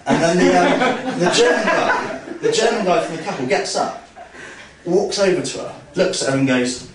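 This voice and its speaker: A man's voice: sits high, animated, normal speed, background noise. A man doing a stand-up comedy set, rambling and self-mocking, with lots of fillers. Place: comedy club stage before a laughing audience. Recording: echoey live club recording from far off with crowd laughter.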